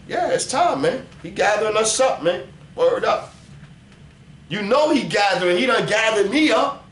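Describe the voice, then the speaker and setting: A man speaking in a casual religious vlog. His talk is animated and profane, and he reads scripture slowly. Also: high-pitched. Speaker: vlogger preaching scripture. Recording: roomy echo with faint ambient noise.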